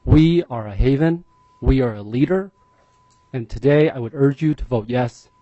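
A man's voice: mid-range voice, dry recording, muffled recording. A man testifying as a parent at a legislative hearing, earnest and emotional, often repeating himself as he speaks. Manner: earnest, emotional, halting repetitions. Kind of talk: public testimony.

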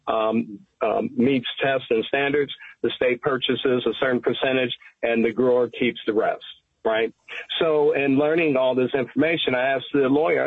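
An earnest man testifying before a committee, pressing his points with emphasis and pausing often on fillers. His voice is slightly husky and comes through a tinny, phone-like line. The sound is dry and close. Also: medium pitch, dry recording. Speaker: public hearing witness. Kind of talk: formal testimony.

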